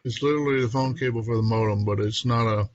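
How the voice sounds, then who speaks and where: A man in an average register hosts a relaxed podcast, chatty and upbeat, often breaking into a quick laugh. His voice comes through slightly muffled, like online call audio. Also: medium pitch, slight background noise. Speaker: podcast host. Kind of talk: casual podcast chat.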